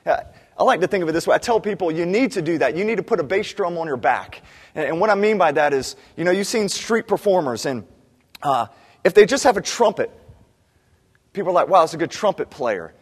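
Male pastor, lively sermon delivery, echoing church hall. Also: high voice, fairly quick, slightly rough. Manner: animated preaching, acts out desperate cries.

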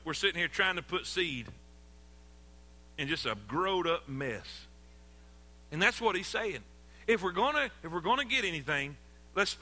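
Man, pastor, high bright voice, folksy call-and-response sermon. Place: church sanctuary.

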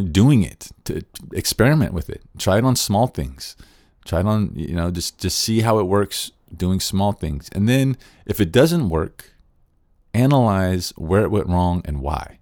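Deep-voiced man teaching, dry close sound. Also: darkish tone, dry recording. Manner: earnest, thinking aloud with frequent restarts. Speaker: teacher of nonviolent communication. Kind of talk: casual spoken teaching.

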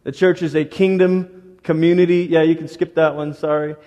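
A middle-aged man preaching a sermon as a pastor, lively and conversational, now and then acting out the voices of people in the story. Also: a little high, moderate pace, muffled recording. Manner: animated, acts out voices of Moses and God. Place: church sanctuary. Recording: long reverb of a church hall.

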